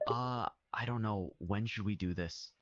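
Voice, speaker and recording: A flustered young man from a chat app, stammering through every reply in a very deep voice, as a synthetic voice acts him out. The sound is dry and close, with a dull lo-fi edge. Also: measured pace, a bit bright, dry recording. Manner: reads out its own stage actions, stammering.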